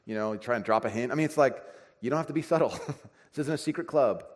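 A pastor preaching a conversational sermon, acting out everyday dialogue. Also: male voice, medium pitch, fast talker. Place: church sanctuary. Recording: reverberant church hall.

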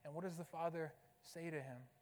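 Male pastor, high voice, chatty sermon delivery full of questions to the room, long church reverb. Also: steady tone, brisk, a little mellow. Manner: conversational, asks the audience rhetorical questions. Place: church sanctuary.

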